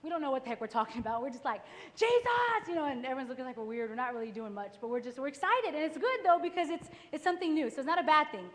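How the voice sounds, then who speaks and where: High-voiced fast-talking woman preaching. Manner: lively storytelling, acting out her own past thoughts. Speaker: worship service speaker. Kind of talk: testimony sermon. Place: church worship hall. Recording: echoey live church recording.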